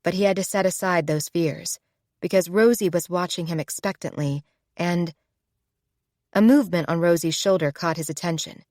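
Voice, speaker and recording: A woman narrating a romance audiobook in a smooth, measured reading. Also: lowish voice, darkish tone, no echo, clean studio sound. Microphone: close studio mic.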